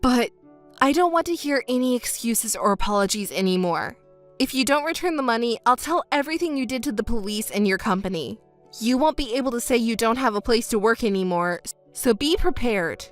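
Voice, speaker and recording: A woman's voice: on the high side, expressive, fairly quick. A woman voicing a scripted text-story narration, cold and scolding, with faint music underneath.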